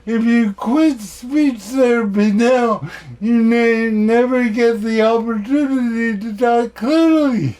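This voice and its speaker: A man putting on the voice of a stern female speech therapist who warns a child, speaking higher and louder than his own voice. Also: slow pace. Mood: insistent.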